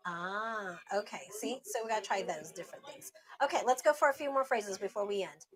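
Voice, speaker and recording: A woman's voice: medium pitch, fairly quick. A woman hosting a casual radio chat, coaching her co-hosts through words in an upbeat way and laughing often. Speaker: radio host. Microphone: studio microphone.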